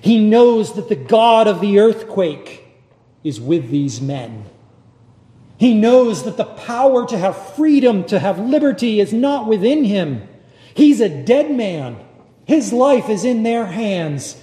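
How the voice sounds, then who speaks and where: A man preaching a sermon as a pastor, measured and dramatic with long pauses. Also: sits high, sing-song, dark tone. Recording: echoey hall with long reverb.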